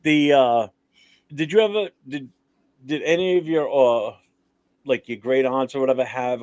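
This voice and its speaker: A man's voice: mid-range voice, no echo. A middle-aged man hosting a livestream talk show, telling childhood stories in a loose, laughing, profane way. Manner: laughing, profane, animated storytelling. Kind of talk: casual chat, storytelling.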